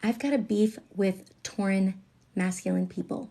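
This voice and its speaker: A woman giving a casual live-stream tarot reading, chatty and candid, swearing freely and swinging between loud bursts and near whispers. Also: unhurried, creaky. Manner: chatty, candid and profane, with frequent fillers; animated, jumping in pitch and loudness, sometimes dropping to a whisper. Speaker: tarot reader.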